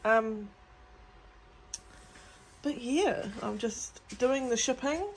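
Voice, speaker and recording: Chatty woman, slightly high voice. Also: very slow. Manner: chatty, playful, teasing. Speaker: co-host of a shop vlog. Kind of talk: casual chat. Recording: faint background noise.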